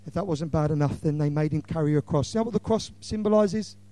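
Impassioned male preacher, mellow voice. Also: a little high, fast. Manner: impassioned, swings between loud and hushed. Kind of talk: evangelistic sermon.

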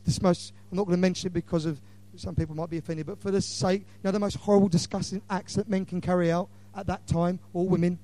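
A middle-aged man delivers an impassioned sermon in a mellow, warm voice that sits a little high. He swings between loud declarations and hushed asides. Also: level tone, fast, hardly any pauses. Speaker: preacher. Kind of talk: evangelistic sermon.

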